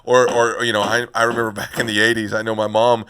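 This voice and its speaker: A man's voice: on the low side, level tone, fast, sharp tone, clean tone. A middle-aged man hosting a podcast interview. He talks in a conversational way and often repeats words as he starts his thoughts. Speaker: podcast host.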